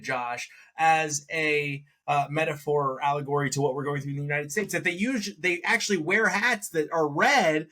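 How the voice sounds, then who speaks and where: A man co-hosting a casual movie review podcast, rambling and animated as he works through his opinions, often correcting himself mid-sentence. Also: a little high, moderate pace, hardly any pauses. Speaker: podcast co-host.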